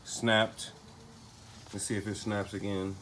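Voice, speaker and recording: A man with a low voice walks through a car repair in loose, slangy talk, thinking aloud as he works. A faint ambient noise sits behind him. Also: flat delivery, takes it slowly, a bit bright. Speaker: DIY car repair vlogger. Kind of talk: casual how-to narration.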